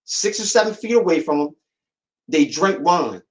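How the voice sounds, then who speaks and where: A man holds forth on his podcast in a casual, storytelling monologue. His voice sits slightly high for a man. He hammers his points home through repetition and gets animated when recounting what others said. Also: moderate pace, rough recording. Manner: animated, rising in pitch when recounting dialogue; emphatic and repetitive. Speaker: podcast host.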